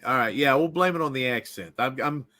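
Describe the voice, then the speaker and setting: Tennessee-accented host, bright tone, loose joking rambler. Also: male voice, mid-range voice, fairly quick. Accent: East Tennessee. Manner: joking, rambling, self-deprecating. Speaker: podcast host. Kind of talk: casual comedic interview.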